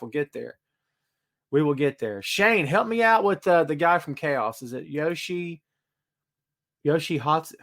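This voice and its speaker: A man's voice: on the high side, fairly bright tone. A man hosting a casual live-stream podcast from his home studio, chatting and greeting viewers by name. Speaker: podcast host.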